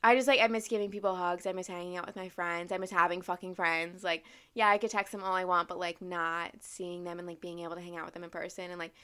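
A woman's voice: lowish voice, fairly even intonation, quick pace, few pauses, bright, forceful tone, smooth. A young woman in her twenties vlogging in a candid, rambling way, swearing freely and poking fun at herself. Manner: candid, swears freely, self-mocking, lots of "like". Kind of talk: casual rambling monologue.

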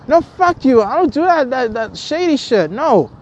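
A woman's voice: high-pitched, big pitch swings, moderate pace, a little mellow, muffled recording, a little hiss or hum. A woman vlogger delivering a heated, profane rant to her viewers, repeating herself, stumbling over restarts and swearing constantly. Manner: angry, repetitive, stammering restarts, swears constantly.

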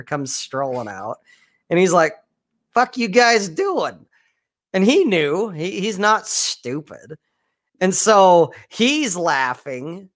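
A man's voice: on the high side, fairly bright tone. A man co-hosting a podcast, telling crude stories and teasing his co-host. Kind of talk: casual crude chat.

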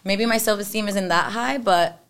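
In a casual interview, a young singer-songwriter from Venezuela speaks frankly, swears without hesitation, and mixes English and Spanish mid-sentence. Her medium-pitched voice sounds a bit bright and clean, at a normal pace.

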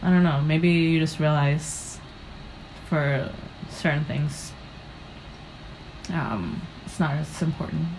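A young woman from the United States speaks with a notably low voice over a faint hiss. She guests as a comedian, rambling through her stories with plenty of fillers. She acts out her own reactions as she goes. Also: takes it slowly, long pauses, darkish tone, rough recording. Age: young adult. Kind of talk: casual interview storytelling.

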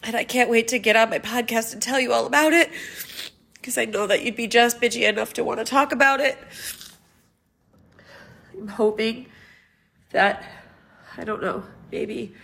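Tearful woman with a gravelly voice. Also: fairly high pitch, fairly bright tone. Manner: halting, sighing, trailing off. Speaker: podcast host. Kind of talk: grieving personal monologue.

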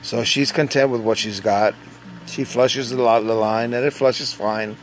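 A man telling a personal story in a casual, conversational way, pausing and restarting as he goes. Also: medium pitch, steady tone, slight background noise. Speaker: dialysis patient.

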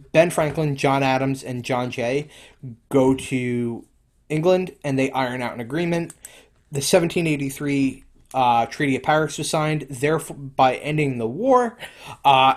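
A man co-hosting a casual history podcast, rambling with many fillers and restarts. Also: medium pitch. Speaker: podcast co-host.

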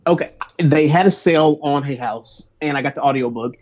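A man's voice: on the high side, brisk, darkish tone, muffled recording. A man who is a guest on a podcast, talking casually and eagerly. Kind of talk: casual chat.

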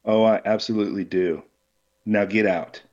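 A man's voice: on the low side, moderate pace, darkish tone, dry recording, dull audio, natural voice. A man reading the lines of a cold, demanding male crime boss who bargains curtly. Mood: gruff. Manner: grumbling, curt bargaining.

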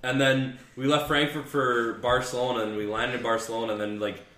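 A young man casually telling stories among friends, animated and swearing freely as he laughs through them. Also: mid-range voice, fairly quick. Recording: roomy echo.

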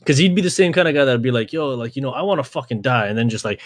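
A man's voice: mid-range voice, rapid-fire, no room sound, studio quality. A young man hosting a podcast, talking in a rambling, slangy way, swearing and saying "like" constantly. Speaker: podcast host. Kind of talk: casual podcast chat.

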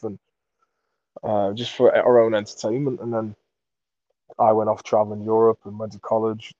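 A man from Merseyside, a comedy creator, telling rambling sweary anecdotes in a relaxed interview. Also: fairly low pitch, dry recording, highs cut off. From Merseyside, England. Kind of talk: casual storytelling in an interview.

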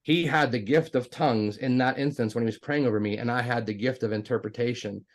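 A guest tells the story of his faith in a casual, animated way, acting out dialogue by raising his pitch. He calls himself a jokester, talks a lot with many restarts, and speaks a little fast.

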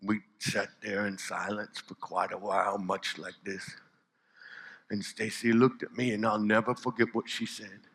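A man's voice: lowish voice, level tone, moderate pace, a bit bright, slightly rough. A man performing a dramatic, intimate spoken monologue, often dropping to near whispers. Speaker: storyteller.

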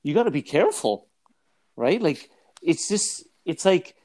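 A man in casual podcast chat, joking and animated, often laughing. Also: a little high, unhurried. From North America.

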